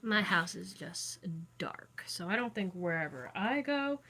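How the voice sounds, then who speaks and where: A woman's voice: mid-range voice, very animated, measured pace, pushed and bright, slight background noise. A young woman chatting casually with viewers from her home, rambling and losing her train of thought, recorded on a phone camera. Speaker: vlogger. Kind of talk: casual live chat with viewers. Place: inside a dim home.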